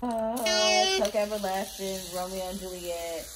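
A woman's voice: mid-range voice, steady tone, unhurried, heavy background noise. A young woman answering playfully, listing titles in a casual chat.

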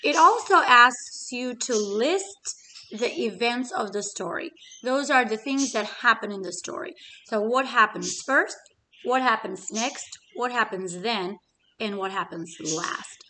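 A woman teacher reading a story aloud to children from her living room, slow and expressive. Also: fairly high pitch, slight background noise, poor audio. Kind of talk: read-aloud lesson for children.

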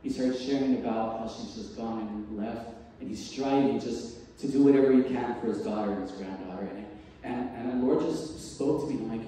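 A man preaches to his congregation, acting out the people in his story and laughing often as he goes. His voice is mellow and sits at an ordinary pitch. He is heard from a distance in a big church sanctuary with long, booming reverb. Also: moderate pace, a little hiss or hum. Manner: animated, acts out dialogue, laughs often. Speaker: pastor. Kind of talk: sermon with personal story. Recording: distant mic in a large echoey hall.

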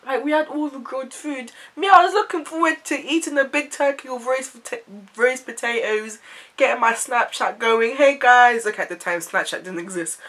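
A young woman, from an Ivorian family, telling a story to camera in a chatty, animated way full of "like"s. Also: high voice, moderate pace. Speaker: vlogger.

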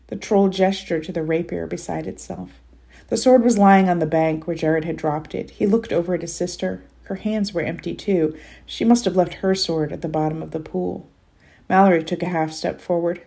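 A woman reads a children's novel aloud, expressive and measured. Her voice is low with a gravelly, husky grain. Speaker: author reading her book.

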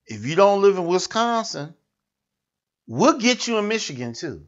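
A man's voice: high voice, big pitch swings, moderate pace, fairly bright tone, muffled recording. A man hosting a satirical news show, ranting with mocking sarcasm. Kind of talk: comic political rant.

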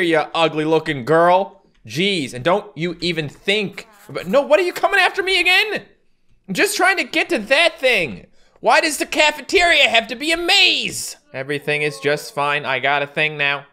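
A man doing jokey, excitable commentary while playing a video game, laughing often. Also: high-pitched, normal speed. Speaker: gaming YouTuber. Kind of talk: let's-play commentary.

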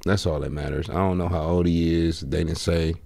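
A man's voice: deep voice, steady tone, fairly quick, vocal fry, dark tone. A man hosting a podcast, giving blunt, profane, joking commentary as he reacts to a video.

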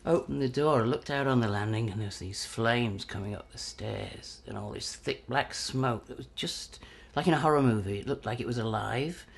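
Brief: English man, fifties, gravelly voice, animated storyteller in an interview. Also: medium pitch, normal speed, few pauses. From England. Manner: animated, acts out quoted voices. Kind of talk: anecdotal storytelling.

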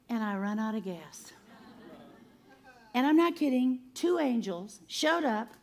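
An older woman giving an animated sermon testimony, laughing often and acting out the people in her story. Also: on the high side. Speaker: conference speaker.

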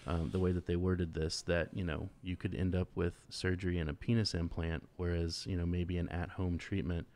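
A man's voice: deep voice, little pitch movement, normal speed, a little mellow. A man hosting a casual podcast, talking frankly and joking loosely. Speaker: podcast host.

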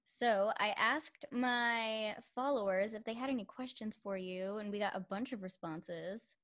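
A young adult woman hosting a casual interview, encouraging her guest with quick reactions. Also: mid-range voice, a bit bright. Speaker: interview host.

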